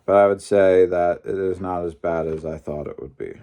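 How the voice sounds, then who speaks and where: An animated, opinionated man recapping wrestling. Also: sits low, normal speed. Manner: animated, opinionated, mildly profane. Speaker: wrestling fan commentator. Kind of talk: casual recap vlog.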